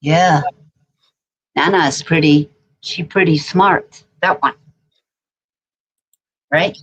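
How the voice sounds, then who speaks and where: A woman with a somewhat low voice co-hosts a casual livestream. She talks playfully and drifts into anecdotes, teasing her co-host along the way. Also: fairly even intonation, drawn-out words, fairly bright tone, highs cut off. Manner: playful, chatty, tells anecdotes.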